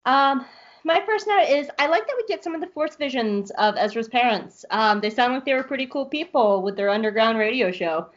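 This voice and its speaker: Excitable woman gushing through a recap. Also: a little high, a little fast, lo-fi sound. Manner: excitable, gushing, with playful asides. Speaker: podcast co-host. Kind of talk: casual episode recap.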